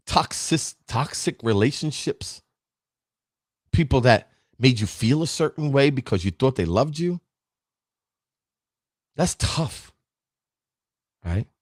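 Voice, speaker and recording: A man's voice: mid-range voice, darkish tone, no echo, studio quality. A man, giving an emphatic, preachy motivational talk as a podcast host and speaking straight to his listeners. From Brooklyn, New York. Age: 50s.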